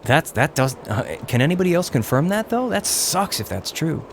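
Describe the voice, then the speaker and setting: A young male gaming streamer with a creaky voice, big pitch swings and a moderate pace chats casually while he plays. He reads viewer comments out loud and swears at the action, all captured in noisy, low-quality stream audio.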